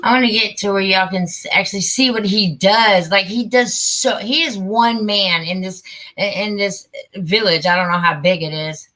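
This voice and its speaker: A woman's voice: medium pitch, fairly even intonation, normal speed, sharp tone. A woman hosting a casual live stream, chatty and a bit flustered as she fiddles with her settings. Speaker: livestream host.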